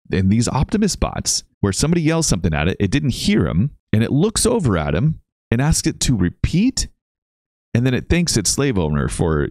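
A man hosting a casual reaction video, talking in an excitable, incredulous way and laughing often. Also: sits low, dry recording, studio quality. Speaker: YouTube reaction host.

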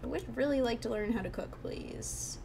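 Against a noisy background, a young woman hosting a let's play chats casually about the game, reacting aloud and often going hushed. Her voice is a little high with vocal fry, and she keeps a moderate pace.

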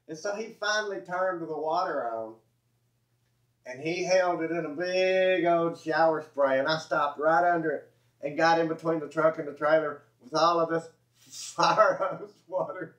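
A man's voice: a little high, steady tone, moderate pace, fairly bright tone. A man with a Southern US accent telling a rambling, chuckling farm story, often correcting himself mid-sentence. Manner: rambling, self-correcting, chuckling folksy delivery. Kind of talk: casual spoken anecdote. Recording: echoey room, dull lo-fi audio.

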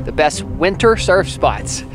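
A man hosting a travel vlog, upbeat and quick to laugh, talking into a handheld camera. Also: fairly high pitch, big pitch swings, over music. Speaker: vlog host.

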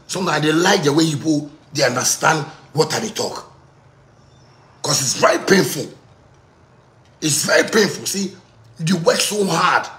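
A Ghanaian man in his thirties rants in Pidgin-tinged English, his voice pitched high and bright. He swings up and down wildly, repeating himself and bursting into shouts. The sound bounces around a roomy space. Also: a little slow, long pauses. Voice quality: loud, excitable, repetitive. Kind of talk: heated rant.

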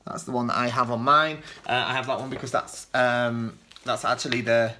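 A man's voice: mid-range voice, steady tone, fairly quick, sharp tone, a little hiss or hum. A British man from the UK hosting a kendo show, answering viewer questions in loose, rambling casual chat with many ums and restarts.

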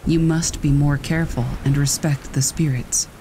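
Storybook role: a man reading as an elderly forest guardian woman, gentle and measured, mellow tone, soft rain behind. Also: fairly high pitch, steady tone, a little hiss or hum, lightly acted, low-quality recording. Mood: gentle warning. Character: wise old female forest guardian.

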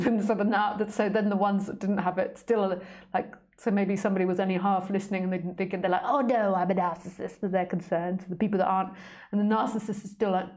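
A woman's voice: medium pitch, flat delivery, fast, darkish tone. A woman hosting a casual spiritual live stream, playful and joking with frequent laughs.

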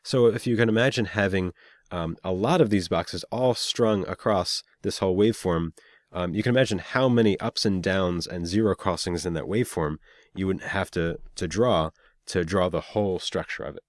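A man's voice: sits low, moderate pace, no room sound, studio quality. A man giving a recorded lecture, explaining step by step with frequent fillers and small self-corrections. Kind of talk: recorded lecture on speech acoustics.

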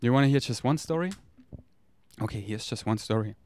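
A man's voice: medium pitch, a little fast, a little mellow. A man talks in a candid, rambling, profane confessional monologue. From Germany. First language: German. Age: 30s. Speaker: vlogger.

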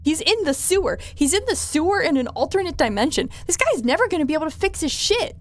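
High-voiced excitable woman gaming. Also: fast. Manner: chatty, excitable and swearing. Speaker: gamer playing a game. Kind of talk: let's-play commentary.

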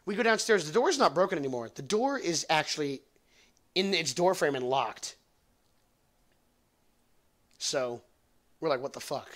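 Young guy on a podcast rambling thru a story, swears a lot, kinda high voice. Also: lively intonation, measured pace, long pauses, a bit bright. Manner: rambling, profane, laughs at own jokes. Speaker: podcast host. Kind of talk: casual storytelling.

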